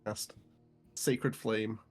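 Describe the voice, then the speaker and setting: A man's voice: lowish voice, fairly even intonation, extremely slow, faint music behind. A man playing a tabletop game, describing his character's actions. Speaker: player.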